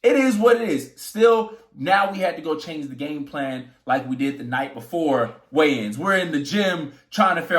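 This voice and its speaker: Young male boxer, a little high-pitched, echoey room, animated storytelling with swearing. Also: moderate pace, hardly any pauses. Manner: animated, swearing, acts out quotes. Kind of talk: casual storytelling vlog.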